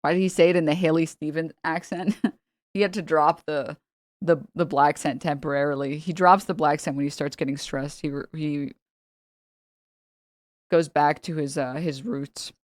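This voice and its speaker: A woman's voice: low-pitched, fairly even intonation, normal speed, dry recording, studio quality. A woman streamer chatting casually and mocking her subject with sarcasm. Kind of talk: casual chat.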